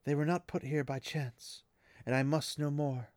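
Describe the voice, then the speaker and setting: A man reading a solemn sorceress's lines aloud from a novel, slow and measured. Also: fairly high pitch, fairly even intonation, darkish tone, no echo, studio quality, lightly acted.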